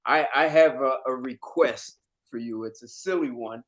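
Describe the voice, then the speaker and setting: A man's voice: mid-range voice, moderate pace, low-quality recording. A man hosting a casual live-stream chat show, playful and teasing with his guests. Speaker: host.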